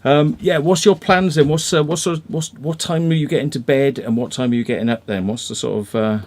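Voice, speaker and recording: A man's voice: medium pitch, steady tone, fairly quick, darkish tone, a little hiss or hum. A man with a Welsh accent chatting casually as a live-stream host, rambling with lots of fillers and restarts. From Wales.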